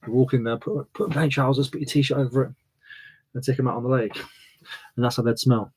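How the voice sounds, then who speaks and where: A man's voice: mid-range voice, fairly even intonation, brisk, husky. A man hosting a live stream, joking around and reading out viewers' comments in casual banter. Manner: jokey, reads viewer comments aloud and banters. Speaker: channel host streaming live.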